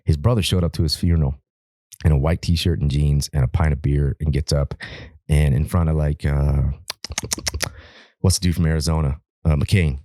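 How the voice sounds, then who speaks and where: A man's voice: very deep voice, fairly even intonation, normal speed, mellow, no room sound, clean studio sound. A man from Alaska, a wildland firefighter, telling a long story on a podcast in a rambling, profane way, with many repeated words and restarts.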